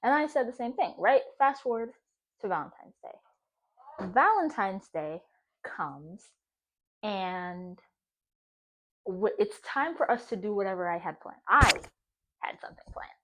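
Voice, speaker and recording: A young woman in her twenties, a vlogger telling a dramatic story in casual chat from her home kitchen, animated and exclaiming. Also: mid-range voice, measured pace, pauses often.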